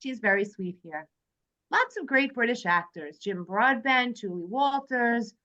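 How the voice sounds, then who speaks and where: A woman's voice: a little high, animated, measured pace, pushed and bright. A woman hosting a casual movie club chat, reading from her notes and joking with friends. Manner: chatty, jokey, reads from prepared notes. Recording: dull lo-fi sound.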